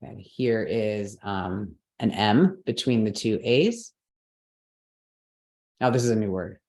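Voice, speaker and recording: A woman teaching a live class, explaining step by step, checking that her students follow, and correcting her own slips out loud. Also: a bass voice, animated, slow pace, echoey room. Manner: patient, step-by-step explaining with frequent checks for understanding.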